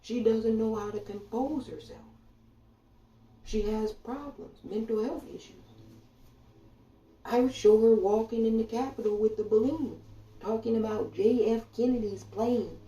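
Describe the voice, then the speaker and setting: A woman political commentator delivers an indignant, blunt and profane rant straight to her listeners. She speaks unhurriedly in a fairly high, mellow voice with long pauses, far from the mic in an echoey room, and the sound is lo-fi.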